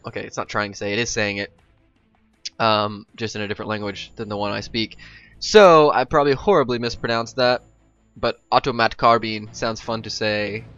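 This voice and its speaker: A man's voice: lowish voice, bright, forceful tone, clean tone, highs cut off. A young man giving casual, rambling game commentary as a voice-over, full of ums and asides. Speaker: gameplay commentator.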